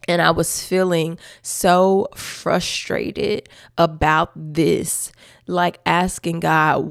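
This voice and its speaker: A woman's voice: on the low side, extremely slow, creaky, dry recording, clean studio sound. A woman hosting a podcast, sharing her faith testimony in a conversational, emphatic way with asides to her listeners and frequent laughter. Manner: expressive and emphatic, with church-style asides to listeners; laughs often while telling her story.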